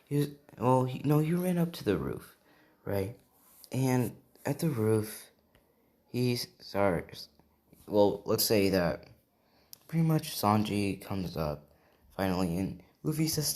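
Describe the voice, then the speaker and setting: Slow, rambling young man storyteller. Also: medium pitch, animated, darkish tone. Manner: rambling, full of fillers. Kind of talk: improvised fan story narration.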